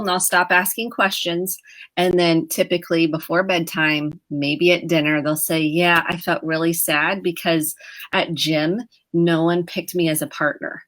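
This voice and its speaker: Woman therapist, lowish voice, calm advice, acts out little dialogues. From United States. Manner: gentle, explanatory, acts out quoted dialogue. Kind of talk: live talk show advice.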